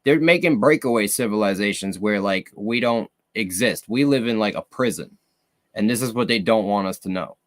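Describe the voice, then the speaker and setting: A man's voice: fairly low pitch, normal speed, no room sound. A man talking in a loose, profane podcast chat. He pushes his points hard and keeps checking that everyone is following. The sound is dry and close. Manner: profane, emphatic, keeps checking in with "you know what I mean". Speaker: podcast co-host. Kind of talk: casual conspiracy chat.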